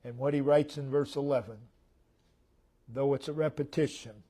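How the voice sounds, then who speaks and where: An American man preaching a sermon, slow and emphatic, repeating short phrases and swinging between loud declarations and hushed tones. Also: mid-range voice, steady tone.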